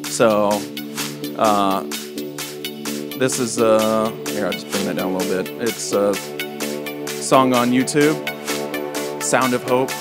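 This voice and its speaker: A man's voice: lowish voice, slow, long pauses, loud music behind the voice. A man hosting a casual home tech demo, explaining step by step through an XLR microphone while he adjusts knobs on his mixer. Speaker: gear demo host.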